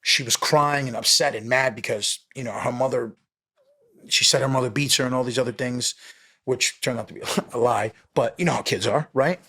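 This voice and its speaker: A man's voice: mid-range voice, moderate pace, bright, forceful tone, husky. A man with a New York accent, a police officer telling a story in a casual, streetwise way, acting out both sides of the conversation. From New York City.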